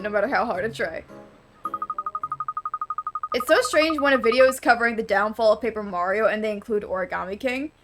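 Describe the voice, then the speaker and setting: A woman's voice: on the high side, fairly bright tone. A woman streamer talking casually and with strong opinions while she plays, full of "like" fillers. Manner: chatty and opinionated, many "like" fillers. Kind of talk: casual game stream commentary. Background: game music.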